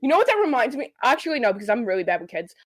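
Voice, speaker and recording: A woman's voice: fairly high pitch, big pitch swings, very fast, a crowd in the background. A young woman co-hosting a podcast, telling stories casually and bluntly, with some swearing. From Staten Island, New York. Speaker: podcast co-host. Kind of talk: casual chat.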